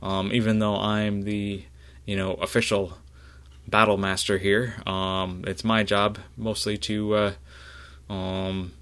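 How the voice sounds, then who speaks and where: A man voicing a male Jedi battle master who teases new recruits and then reassures them, talking in a halting, reassuring way. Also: lowish voice, level tone, fairly bright tone, smooth. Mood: friendly.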